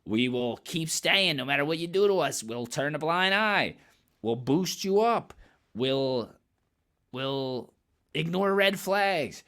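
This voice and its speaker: Man, casual vlog commentary, bright and sharp voice, blunt and emphatic, swearing, repeated phrases. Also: fairly high pitch, expressive, slow pace. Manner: emphatic and blunt, swearing freely, with sudden loud bursts; repeats phrases and restarts while building a point. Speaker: commentary vlogger.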